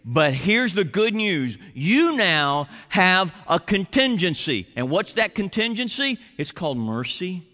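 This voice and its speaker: Male pastor, slow deliberate sermon delivery, bright and animated, in a reverberant church. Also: high-pitched. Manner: emphatic, stretches words for effect, leads the congregation in repeating phrases.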